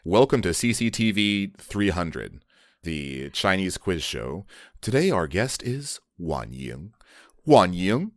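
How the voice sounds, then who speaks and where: A man's voice: low-pitched, sing-song, slow, dry recording, studio quality, full character voice. A man hamming up a TV quiz show host. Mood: showy. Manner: grandiose game-show announcing.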